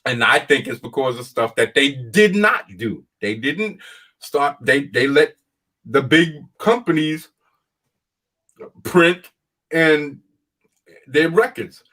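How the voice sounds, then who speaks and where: A fired-up man rants on a casual talk show with a fairly high voice that swings widely in pitch. He hammers his points home by repeating them and talks in a plain, folksy way, laughing as he goes. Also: lively intonation, slow pace, pauses often, sharp tone. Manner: emphatic, repetitive, ranting, laughs often.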